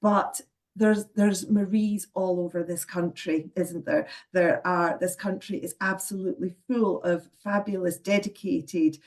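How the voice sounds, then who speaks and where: A woman's voice: fairly low pitch, fairly even intonation, measured pace, a little mellow. Woman speaking measuredly on a panel. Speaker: education spokesperson. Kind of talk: panel discussion.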